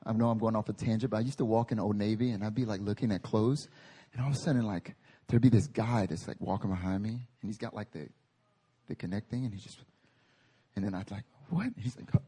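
A man preaching a sermon at a prayer meeting, animated and conversational, with humorous tangents. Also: fairly low pitch, fast, slightly rough. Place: meeting hall.

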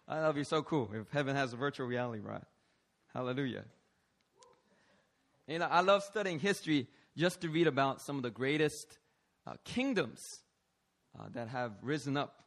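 A man preaching a lively, playful sermon, calling out to the congregation for responses. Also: mid-range voice, normal speed, pauses often. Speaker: pastor.

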